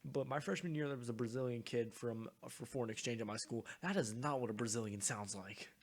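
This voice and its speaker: Young man with a gravelly voice. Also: mid-range voice. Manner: joking, quick question-asking. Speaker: podcast host asking questions. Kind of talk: casual chat.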